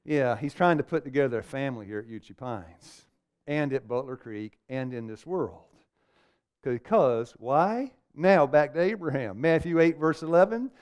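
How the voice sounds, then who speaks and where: A man's voice: mid-range voice, animated, normal speed, a little mellow, clean tone. A middle-aged man preaching a seminar sermon to a live audience, firing questions at them and calling for amens. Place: meeting room with a live audience.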